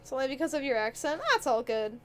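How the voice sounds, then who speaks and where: Streaming a game, a young woman chats casually with her viewers, giggling and getting excited easily in a high voice. Keyboard typing and faint music can be heard behind her.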